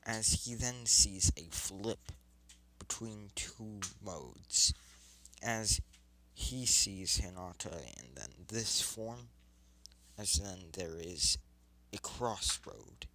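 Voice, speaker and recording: A man's voice: deep voice, creaky, pushed and bright, poor audio. A man narrating an improvised fan story, rambling and often stopping to correct himself.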